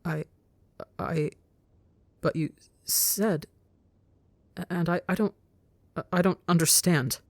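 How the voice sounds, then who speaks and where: A woman playing a shaken young male creature with claws, stuttering and groping for words. Her voice is low and close, recorded dry with no echo. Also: fairly even intonation, takes it slowly, pauses often. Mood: confused. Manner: stammering, confused. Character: anxious clawed young male creature, overwhelmed.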